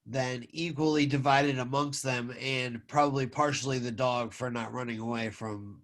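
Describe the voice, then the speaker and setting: A man's voice: medium pitch, fairly even intonation, moderate pace, a bit bright. A man who raps, a podcast guest in casual chat, making blunt, joking interjections. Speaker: rapper guest.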